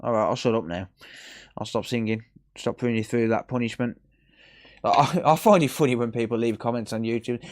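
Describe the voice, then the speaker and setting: A man's voice: mid-range voice, a little fast. A man chatting cheekily with viewers on a live repair stream. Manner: cheeky banter, jokey and a bit sweary. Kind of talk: casual live-stream chat.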